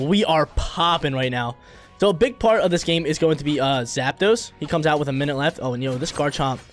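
Hyped young man calling gameplay. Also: a little high. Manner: hyped, slangy, quick reactions. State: briefly coughing. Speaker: gaming YouTuber. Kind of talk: live gameplay commentary.

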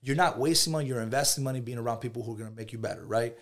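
A man in his thirties talks fast and animatedly as a guest on a casual podcast. He acts out conversations as he goes and keeps dropping "bro" into his sentences. His pitch sits in an ordinary middle range. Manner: animated storyteller, acts out dialogue, says "bro" constantly.

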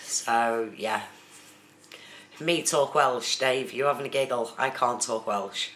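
Chatty streamer in an echoey room. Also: female voice, rumbling low, slow, fairly bright tone. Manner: chatty, reads viewer comments aloud. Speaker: live streamer. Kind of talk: casual live-stream chat. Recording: echoey room with faint noise.

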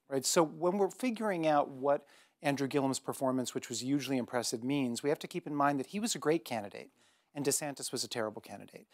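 A man's voice: mid-range voice, dry recording. Man panelist with a dry close sound. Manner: measured argument with emphatic asides. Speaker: panelist columnist. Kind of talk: panel discussion.

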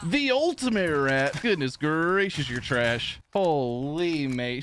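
A man streaming a shooter game, trash-talking, laughing and shouting excitedly as he plays. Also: a little high, takes it slowly, hardly any pauses, background noise. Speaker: gaming streamer. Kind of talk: excited gameplay commentary.

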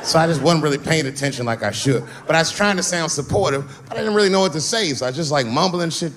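A man's voice: lively intonation, quick pace, fairly bright tone. Profane storytelling stand-up comedian man. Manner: profane, loose storytelling with sudden high-pitched bursts. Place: live comedy stage.

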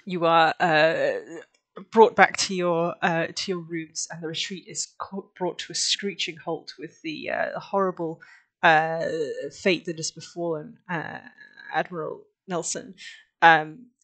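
A woman's voice: deep voice, flat delivery, unhurried, fairly bright tone, rough recording. A woman running a tabletop game as game master, speaking hesitantly with many fillers.

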